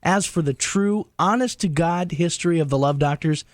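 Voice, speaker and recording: A man's voice: on the high side, moderate pace, no room sound. Sarcastic male narrator, dry close sound. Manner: sarcastic, deadpan mock praise. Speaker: compilation narrator. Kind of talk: mock-earnest scripted narration.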